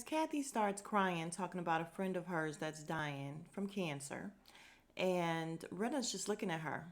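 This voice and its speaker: Lady podcaster dishing on reality tv, sassy and animated, lowish voice. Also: a little slow. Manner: animated, sassy, acts out quotes. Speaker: podcast host recapping a reality show. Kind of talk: casual recap chat.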